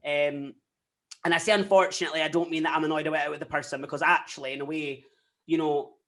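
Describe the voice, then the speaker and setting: A young Scottish guest talking quickly and candidly in a relaxed interview. The voice sits a little high for a man, and the stories rush along, full of quoted asides and lively retellings. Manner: candid, animated storytelling with frequent quoted asides. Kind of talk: casual interview chat.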